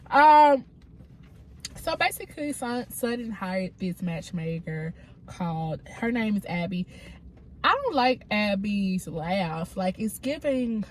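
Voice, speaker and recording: Slow-talking congested woman recapping TV. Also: medium pitch, lively intonation, darkish tone. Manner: chatty and frank, addresses viewers directly. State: has a cold, congested. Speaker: reality TV recap commentator. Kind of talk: casual recap commentary.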